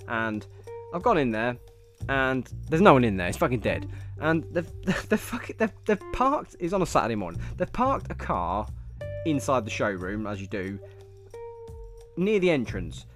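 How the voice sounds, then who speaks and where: A man's voice: mid-range voice, very animated, normal speed, a bit bright, soft background music. A man telling rambling, sweary stories in a casual monologue, often laughing.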